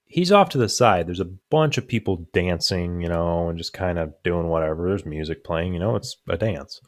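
A man's voice: low-pitched, lively intonation, moderate pace, no echo, studio quality. A young man on a podcast, telling rambling stories with lots of fillers and restarts, often laughing at his own punchlines. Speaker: podcast co-host. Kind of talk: casual chat.

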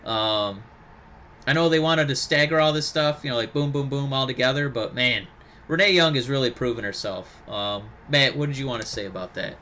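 Animated man chatting on a podcast. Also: medium pitch, moderate pace, slight background noise. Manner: animated, bursts into excited impressions. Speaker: podcast co-host. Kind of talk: casual chat.

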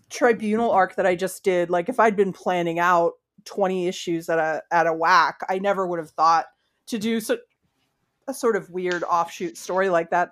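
Woman comic writer, lower voice, podcast guest, animated and discursive. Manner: animated, talks through ideas with many asides. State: has the hiccups. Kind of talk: podcast interview.

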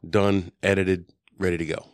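A man's voice: deep voice, flat delivery, moderate pace, no room sound, studio quality. A man hosting a casual podcast chat, rambling and joking with plenty of ums. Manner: rambling, jokey, lots of ums. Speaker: podcast host. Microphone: desk podcast mic.

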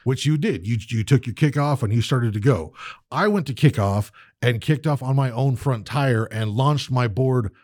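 A man's voice: medium pitch, moderate pace, darkish tone, no echo, studio quality. A man co-hosting a podcast in a profane casual chat, ranting, swearing constantly and mimicking people. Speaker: podcast co-host.

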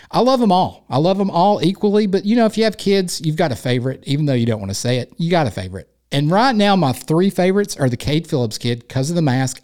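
A man's voice: on the high side, darkish tone. A man with an East Tennessee accent hosting a sports podcast alone, rambling in a casual, jokey, self-deprecating way. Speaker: podcast host.

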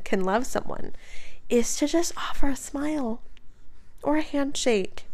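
A woman's voice: fairly high pitch, gravelly. A woman hosting her own show, talking about her faith in a passionate, earnest, conversational way and putting questions to the listener. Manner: passionate, fired up. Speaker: podcast host. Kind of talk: casual faith talk.

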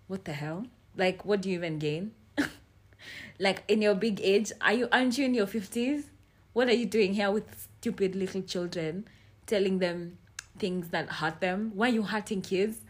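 A young woman, hosting a podcast in frank, animated casual chat and swearing freely. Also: medium pitch, normal speed, breathy edge. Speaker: podcast host.

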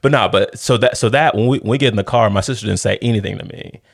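Middle-aged male storyteller, low gravelly voice, animated casual delivery, dry close recording. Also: fast talker, no room sound. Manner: animated, laughs often, says "dude".

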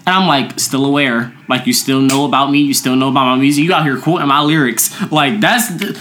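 A young woman with a bright, clear voice tells a story in a casual chat. She acts out every quote with animated swings of pitch and laughs often between lines. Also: brisk, a little hiss or hum. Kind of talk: casual chat, retelling a dating-app exchange.

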